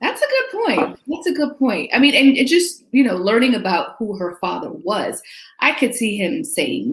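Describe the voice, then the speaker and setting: A woman's voice: a little high, big pitch swings, fairly quick, fairly bright tone. Woman talking movies in an echoey room. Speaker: podcast host. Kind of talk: casual movie discussion.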